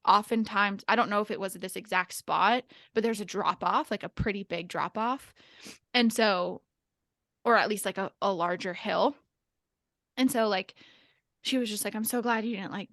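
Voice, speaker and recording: A young adult woman chats casually on a podcast, telling a story full of filler words and nervous laughter. Her mid-range voice has a fairly bright tone, and the clean studio recording has no echo.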